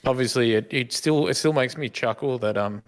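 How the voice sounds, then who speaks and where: A man's voice: mid-range voice, normal speed. A middle-aged Australian man co-hosting a podcast, telling stories in a loose, joking way during casual chat. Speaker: podcast co-host.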